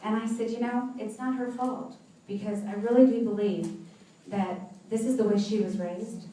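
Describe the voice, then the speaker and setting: A woman's voice: on the high side, steady tone, moderate pace, dark tone. A woman giving an inspirational talk to a live audience, telling personal stories and often laughing. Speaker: motivational speaker. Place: event hall with seated audience. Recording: echoey hall, voice from far off.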